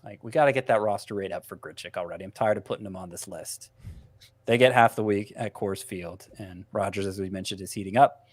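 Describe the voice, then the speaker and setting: A man's voice: fairly low pitch, fairly quick, dry recording. A man giving fantasy baseball picks in casual podcast chat, wry and self-mocking, thinking aloud as he goes.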